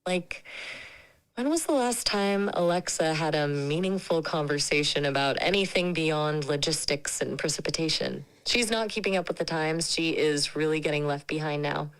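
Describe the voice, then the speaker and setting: A woman's voice: sits low, normal speed, clean tone, poor audio. Friendly, chatty synthetic female companion voice. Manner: chatty, opinionated, friendly and casual. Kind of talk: conversational AI chat.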